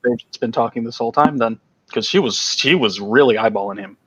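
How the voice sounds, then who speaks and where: A man's voice: medium pitch, brisk, fairly bright tone, breathy edge, no room sound. A man in a casual group watch-along chat, making wry, teasing remarks. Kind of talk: casual chat over a voice call. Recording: dull lo-fi call audio.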